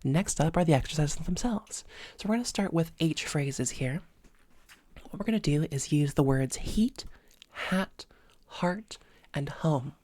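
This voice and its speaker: A woman coaching voice exercises in a relaxed, hesitant way with many fillers. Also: sits low, unhurried. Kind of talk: instructional voice lesson. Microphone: close microphone.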